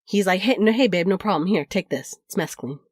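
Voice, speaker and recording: A woman's voice: medium pitch, quick pace, no room sound, studio quality. A woman co-hosting a podcast, casually recounting an anecdote and acting out the quoted voices, laughing often. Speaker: podcast co-host. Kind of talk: casual storytelling chat.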